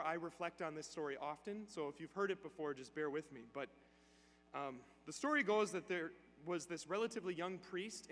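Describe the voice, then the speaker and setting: A man's voice: on the high side, fairly bright tone. A man giving a homily in a church, telling a story in a conversational way and acting out the dialogue. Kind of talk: storytelling sermon. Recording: long church reverb, faint hum.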